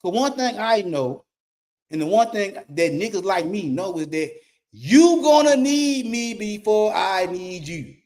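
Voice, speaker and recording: A man's voice: sits high, animated, unhurried, a little mellow. A middle-aged man, a YouTube commentator giving a blunt, profane rant and repeating his points for emphasis. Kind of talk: ranting monologue.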